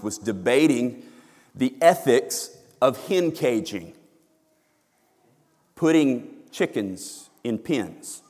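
A male pastor preaching in a church sanctuary, his lively voice leaping up for emphasis and dropping to a hush. The hall's long reverb trails after each phrase. He has a medium-pitched voice and a dramatic delivery. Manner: dramatic swings from hushed to emphatic. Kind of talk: sermon.

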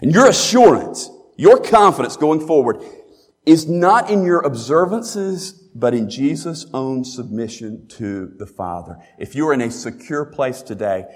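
A man's voice: medium pitch, animated, measured pace. A man preaching a sermon as pastor, emphatic, asking rhetorical questions and repeating key phrases. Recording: long reverb in a large hall.

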